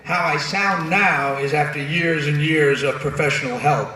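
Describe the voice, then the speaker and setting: A man giving a comedic commencement speech, an animated storyteller who slips into funny voices. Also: a little high, normal speed, crowd noise. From New York City. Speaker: commencement speaker. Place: large ceremony venue. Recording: very echoey venue, distant mic, audience noise.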